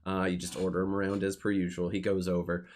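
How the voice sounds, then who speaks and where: A man narrating a streamed tabletop game as game master, relaxed and full of "uh", joking with his players. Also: low voice, fast talker. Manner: relaxed, filler-heavy, jokey with players.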